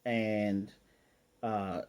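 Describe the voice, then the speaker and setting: Man excitedly recapping an anime episode. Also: lowish voice, extremely slow, clean tone. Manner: excited storytelling with frequent fillers and restarts. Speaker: anime reviewer.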